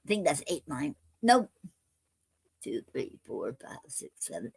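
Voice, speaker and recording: A woman hosting a poetry show, explaining a poem form in halting casual talk with many fillers and restarts. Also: sits low, very animated, gravelly, breathy edge, no room sound. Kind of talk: casual live-stream chat.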